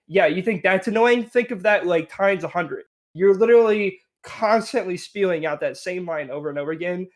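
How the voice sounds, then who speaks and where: Chatty young man, higher voice. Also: normal speed, few pauses. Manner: chatty, laughs often, rambling restarts. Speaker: podcast co-host. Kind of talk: casual game review chat.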